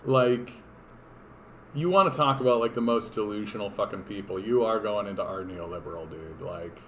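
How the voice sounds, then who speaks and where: A man with a hoarse voice, giving rambling, sarcastic and profane political commentary on a casual livestream. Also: on the low side, normal speed, slight background noise. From Canada. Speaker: political streamer.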